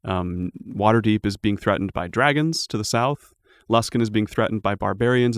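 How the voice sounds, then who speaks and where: A man narrating a tabletop game as game master, relaxed and loose, with plenty of fillers along the way. His voice sits low with a gravelly fry, and the recording is dry and close. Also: no room sound.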